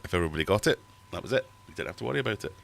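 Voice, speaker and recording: A middle-aged man with a very low voice hosts a livestream from his fish room at home. He reads out viewer comments and rambles on in a chatty, self-mocking way. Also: animated, rapid-fire, creaky, fairly bright tone. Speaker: livestream host. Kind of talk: casual livestream chat reading viewer comments.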